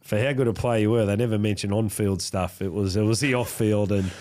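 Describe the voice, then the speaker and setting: A middle-aged man with a fairly low voice guesting on a podcast. He tells loose, rambling stories in an easygoing way, often restarting his sentences. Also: a little fast. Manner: relaxed, rambling anecdotes with many restarts. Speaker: rugby league coach as podcast guest. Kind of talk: casual interview storytelling.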